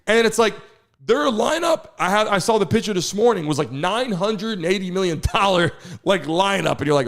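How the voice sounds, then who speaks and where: A man hosting a live sports news show, talking casually and excitably, throwing rhetorical questions to his chat. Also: high-pitched, normal speed. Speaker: host.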